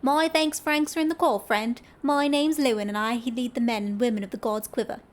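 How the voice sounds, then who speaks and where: Woman reading as stern male commander, formal, earnest, high-pitched read, video game dialogue. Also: steady tone, brisk, natural voice.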